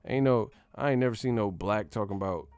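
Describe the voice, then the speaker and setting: A man's voice: lowish voice, brisk, darkish tone, clean tone, no room sound, faint music behind. A man hosting a boxing channel, ranting casually with profane, mocking, slang-heavy talk. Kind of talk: casual rant to camera.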